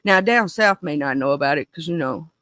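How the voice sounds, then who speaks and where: A woman in her thirties with a Mississippi Southern accent, hosting a casual livestream chat in a goofy, animated, rambling way. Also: sits low, a little fast, dry recording. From small town in northern Mississippi, USA. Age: 30s. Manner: goofy, animated, talkative, goes off on tangents. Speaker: livestream host.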